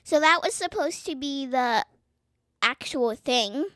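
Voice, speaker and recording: A woman's voice: high voice, lively intonation, slow, fairly bright tone, no echo, clean studio sound. A young girl as a podcast guest, chatting casually and playfully, giggling and trying silly accents. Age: child. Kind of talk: casual chat. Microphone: podcast mic.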